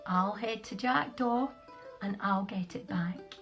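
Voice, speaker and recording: A woman voicing a helpful male crow who gives firm, loud orders. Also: mid-range voice, slow pace, soft background music, voice pushed down.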